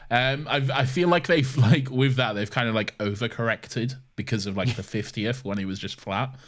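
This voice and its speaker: A man's voice: mid-range voice, moderate pace. A man co-hosting a podcast in casual chat, teasing his co-host and laughing often.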